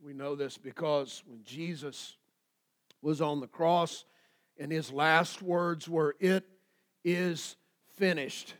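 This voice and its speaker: A pastor preaching a sermon, swinging between loud declarations and quiet asides. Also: male voice, a little high, steady tone, slow pace.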